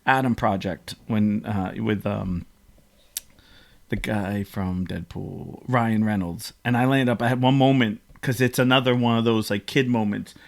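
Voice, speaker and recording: A man's voice: lowish voice, unhurried, gravelly. A man hosting a podcast, telling stories in an emotional, rambling casual chat. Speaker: podcast host.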